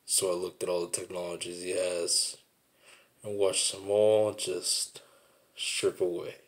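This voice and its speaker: A man's voice: deep voice, level tone, unhurried. A man telling a personal story in a rambling, repetitive, reflective monologue.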